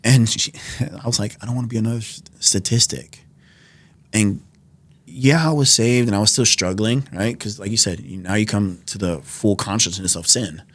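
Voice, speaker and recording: A man's voice: lowish voice, normal speed. A man in his twenties from New York, a podcast guest telling his life story in casual conversation, acting out quoted dialogue with lots of fillers. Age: 20s. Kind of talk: personal testimony in casual conversation. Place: podcast studio.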